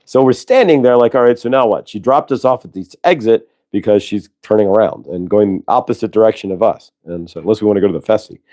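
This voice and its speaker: A man's voice: lowish voice, quick pace, few pauses, mellow. A middle-aged man hosting a show, telling a story casually with many fillers and asides. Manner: rambling, lots of fillers and asides. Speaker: host.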